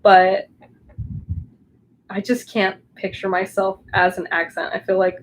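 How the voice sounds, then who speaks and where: This crafting livestreamer, a young Southern Californian woman, chats casually with viewers as she works at home, rambling and full of restarts. She speaks unhurriedly in a mid-range voice with a flat delivery, and the audio is poor.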